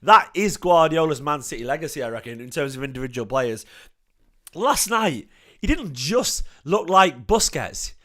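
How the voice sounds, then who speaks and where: A hoarse man, talking in a slightly higher register than most men. He gushes about his team with passionate repetition, his worn-out voice cracking with feeling. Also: a bit bright. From Manchester, England. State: hoarse, lost voice. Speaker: football fan channel host. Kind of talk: emotional match reaction vlog.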